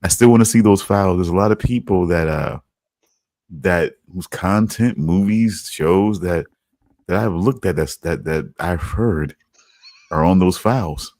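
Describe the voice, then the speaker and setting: A man co-hosting a podcast, talking casually in a halting way, often restarting his sentences. His voice sits very low. The sound is dry and close. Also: a little mellow, no echo. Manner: halting, repeats himself. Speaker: podcast co-host. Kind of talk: casual chat.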